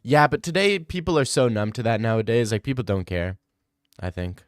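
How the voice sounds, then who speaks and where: A man's voice: mid-range voice, fairly quick, clear, resonant tone, dry recording, clean studio sound. A young man streaming, reading live comments in joking, rambling casual chat.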